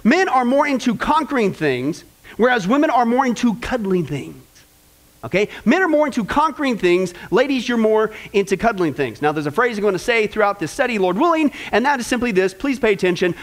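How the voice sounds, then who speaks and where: A middle-aged man preaching a sermon on marriage, energetic and jokey, who keeps checking in with the crowd. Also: high-pitched, fairly quick. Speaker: pastor.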